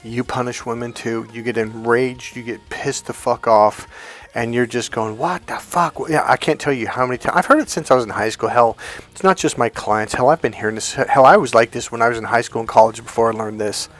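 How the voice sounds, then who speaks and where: A man's voice: medium pitch, fairly quick, fairly bright tone. A middle-aged man coaching men on dating, talking bluntly with plenty of swearing and acting out the voices of the people he quotes. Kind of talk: direct-to-camera coaching talk.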